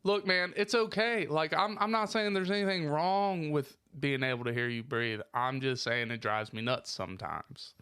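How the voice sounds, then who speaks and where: A man with a somewhat high voice co-hosts a casual podcast, blowing small annoyances out of proportion with heavy swearing. He is recorded up close on a podcast microphone. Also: normal speed, hardly any pauses, bright, forceful tone, clean tone, no room sound. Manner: ranting, exaggerated complaints, heavy swearing. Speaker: podcast co-host. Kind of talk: casual profane podcast banter.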